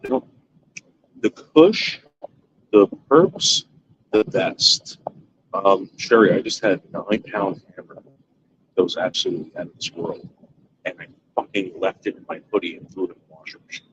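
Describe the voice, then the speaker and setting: Guy rambling at his viewers from the backyard, low voice, bragging and swearing, kinda muffled lo-fi audio. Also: normal speed, long pauses, a little hiss or hum. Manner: rambling, boastful, crude. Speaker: vlogger. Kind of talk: casual chat to viewers. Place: own backyard at night. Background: fan running.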